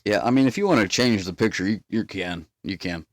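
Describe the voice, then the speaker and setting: A man's voice: on the low side, brisk, dry recording, clean studio sound. A man chatting casually in a laid-back, easygoing way. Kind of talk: casual chat.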